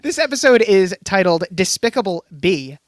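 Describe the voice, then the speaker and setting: A man's voice: high-pitched, sing-song, normal speed, no room sound, clean studio sound. A man co-hosting a casual podcast, chatty and often laughing as he tells a story. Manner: chatty, laughs often while telling stories. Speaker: podcast co-host.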